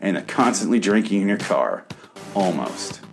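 A man's voice: low voice, sing-song, moderate pace, gravelly, music in the background. A man from the American Midwest hosting a comedy show, reading his own writing aloud and then ranting in a sarcastic, profane, bitter way.

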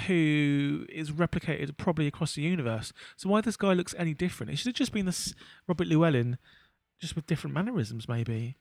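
A man's voice: a little high, dry recording. A man co-hosting a podcast, chatting casually and rambling with lots of restarts and fillers. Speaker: podcast co-host. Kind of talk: casual chat.

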